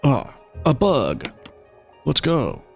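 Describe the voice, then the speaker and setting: A man's voice: mid-range voice, huge pitch swings, very slow, gravelly, soft background music. A man streaming a horror video game, chatting casually and narrating his own moves with wry asides. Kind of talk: live gameplay commentary.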